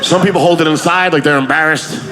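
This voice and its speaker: A man performing a stand-up comedy set on a club stage, acting out sneezes with shrieking high yelps, recorded on a handheld mic with audience laughter behind. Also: fairly even intonation, fast. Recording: live club mic, loud crowd laughter.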